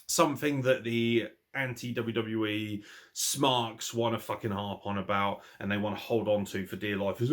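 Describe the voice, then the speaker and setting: A man with an English accent and a somewhat low voice reviews a wrestling show off the cuff. He rants and swears freely, laughs often, and keeps his delivery animated. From England. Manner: ranting and profane, animated, quick to laugh. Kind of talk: casual spoken review.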